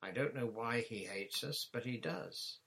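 A man's voice: on the low side, a little slow, fairly bright tone. A man voicing a serious, earnest boy who plays ship's captain, speaking solemnly.

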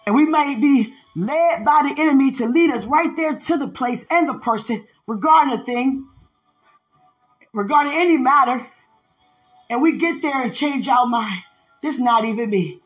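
A woman giving a devotional podcast sermon, retelling a Bible story with animated storytelling and acting out the characters' lines. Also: sits high, moderate pace, soft background music, poor audio. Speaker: preacher.

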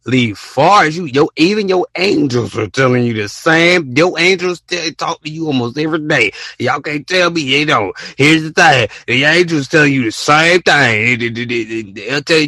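A man's voice: mid-range voice, sharp tone, no room sound. A young man hosting a casual solo podcast, rambling and repeating himself as he acts out text conversations. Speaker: podcast host.

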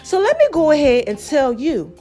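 High-voiced woman telling a story. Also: normal speed, soft background music. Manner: animated, emphatic, talks straight to the audience. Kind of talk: casual storytelling to camera.

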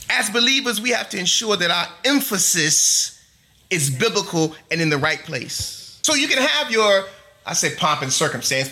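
A middle-aged man preaching in church with a high, bright voice that swings widely in pitch. He presses his points emphatically, stacking long rhythmic lists. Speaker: pastor. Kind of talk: sermon. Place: church before a congregation.

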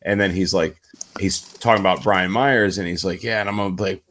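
A man on a podcast retelling a story in animated fashion, laughing often and acting out voices loudly. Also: sits low, a little fast. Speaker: podcast co-host. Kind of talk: casual chat.

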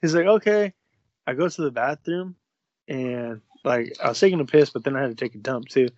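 A young podcast co-host tells a story in casual conversation, swearing heavily and acting out the lines he quotes. His medium-pitched voice moves briskly, and the audio sounds dull.

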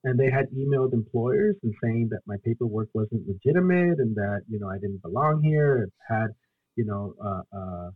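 A young man from Guatemala, a storyteller and solo performer, telling his own story as a podcast guest in an earnest, halting way. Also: medium pitch, animated, no echo, phone-quality sound. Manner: earnest, halting, acts out his own past pleas and quotes. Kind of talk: emotional personal storytelling in a podcast interview.

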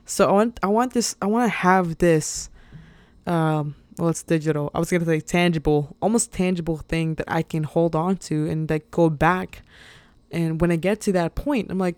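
On her solo podcast, a woman talks in a casual, meandering, sincere way, full of fillers and little laughs, and doesn't hide her emotions. She speaks at normal speed in a voice on the low side with a somewhat dark tone. There's no room sound.

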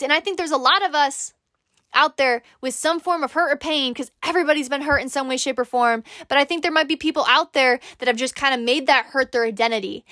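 This woman hosts a podcast, delivering an earnest, encouraging motivational monologue directly to the listener. Her voice is high and sharp in tone, recorded cleanly in a studio with no room sound.

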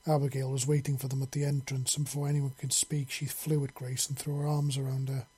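A man narrating an audiobook story in a steady storytelling manner. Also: medium pitch, fairly quick, husky.

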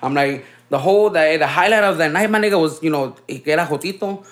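A man's voice: a little high, fast talker, fairly bright tone. A man in his thirties telling stories in casual chat, laid-back and slangy, dropping in Spanish filler words. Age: 30s. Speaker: podcast host. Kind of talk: casual storytelling.

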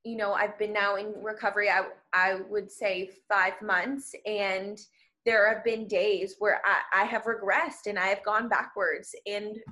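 A woman's voice: mid-range voice, fairly even intonation, unhurried, bright, forceful tone. A woman guest on a podcast, speaking candidly and from the heart about her personal experience. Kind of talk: personal storytelling in conversation.

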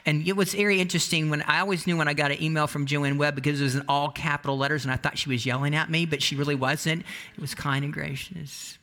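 A man preaching a sermon in a conversational, animated storytelling way, often restarting his sentences. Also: on the high side, quick pace. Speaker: pastor.

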